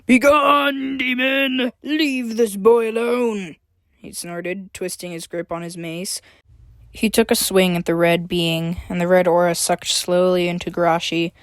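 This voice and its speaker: A woman's voice: fairly low pitch, flat delivery, moderate pace, smooth, no room sound, clean studio sound. A woman reading her own story aloud, after a chatty introduction with fillers.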